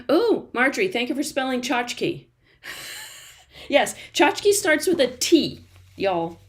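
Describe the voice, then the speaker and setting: A woman running a live-stream art journaling class from a studio, chatty and encouraging, laughing often and answering viewer comments as she works. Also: a little high. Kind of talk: live-stream crafting demo.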